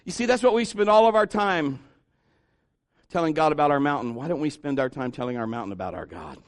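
Middle-aged guy preaching, high voice that bounces all over, acts out his stories. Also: fairly quick, dry recording, clean studio sound. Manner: animated storytelling, acting out voices and cries. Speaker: pastor. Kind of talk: sermon.

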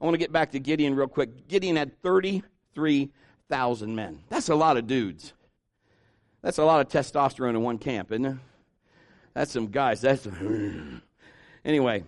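A middle-aged man preaching a sermon at a church service, telling stories in an animated way and acting out the voices of the people in them. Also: mid-range voice, measured pace, no room sound, studio quality. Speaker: pastor.

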